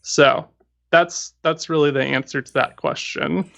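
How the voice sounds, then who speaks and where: A man's voice: fairly high pitch, fairly even intonation, measured pace, vocal fry, pushed and bright. A man hosting a casual gaming stream, answering viewer questions in a rambling way and often repeating words as he thinks. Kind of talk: casual chat. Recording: dull lo-fi stream audio.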